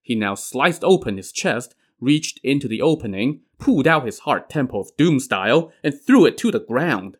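A man's voice: mid-range voice, lively intonation, moderate pace, few pauses, slightly rough. A male storyteller retelling a classic tale in casual narration with wry modern asides.

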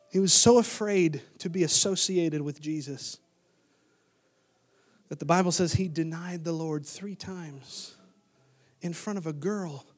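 High-voiced male pastor preaching dynamically. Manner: dynamic preaching, swinging from loud bursts to hushed near-whispers. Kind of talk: sermon. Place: church sanctuary.

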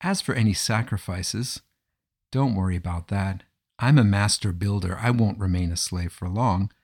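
A man voicing a kind, mysterious stranger who speaks gently and reassuringly in a storybook telling. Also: fairly low pitch, moderate pace, no echo, studio quality.

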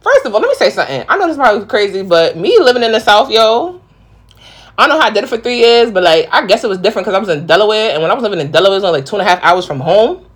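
A woman's voice: mid-range voice, sing-song, very fast, husky. A young woman from the Bronx with a thick New York accent, hosting a casual solo podcast in a slangy, rowdy way. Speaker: podcast host.

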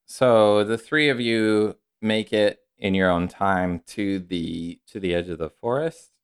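Smooth-voiced male game master. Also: on the low side, takes it slowly. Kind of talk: narrating a tabletop game.

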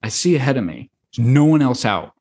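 Young American man, husky, podcast host; rambling, animated storyteller. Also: medium pitch, fairly quick. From United States. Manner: rambling, animated, lots of fillers and swearing. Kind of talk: casual storytelling.

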